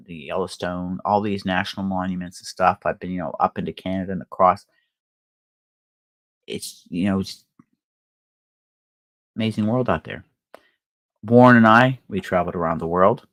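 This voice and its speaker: A woman's voice: extremely low pitch, dry recording. An older woman hosting a crafting livestream, chatting casually and rambling with fillers and laughter. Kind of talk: casual chat.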